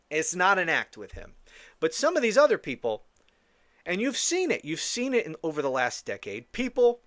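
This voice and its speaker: A man's voice: fairly high pitch, fairly bright tone, no echo. A man hosting a solo political commentary podcast, blunt, scornful and profane, rambling with frequent restarts. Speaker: podcast host.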